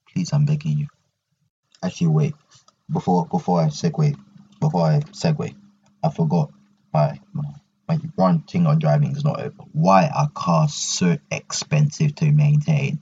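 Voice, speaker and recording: A man's voice: rumbling low, steady tone, a little slow, long pauses, mellow, husky, muffled recording. A young man hosting a solo podcast, ranting animatedly and repeating his points. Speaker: podcast host.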